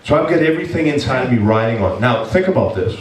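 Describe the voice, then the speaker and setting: A man's voice: mid-range voice, lively intonation, quick pace, recorded from a distance, slight background noise. A male pastor preaching a sermon, telling a personal story in an earnest, emotional way. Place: church sanctuary. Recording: echoey church heard from afar.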